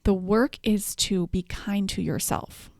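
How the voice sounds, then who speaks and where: A woman's voice: mid-range voice, slow pace, darkish tone, dry recording, clean studio sound. A woman hosting a self-help podcast, walking through numbered tips in an encouraging coaching tone. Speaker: podcast host.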